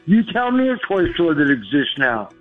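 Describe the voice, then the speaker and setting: A man calling in to a radio show, excited and gushing, laughing easily. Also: fairly high pitch, moderate pace, breathy edge, soft background music. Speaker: caller. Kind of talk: phone call into a radio show. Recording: tinny phone line.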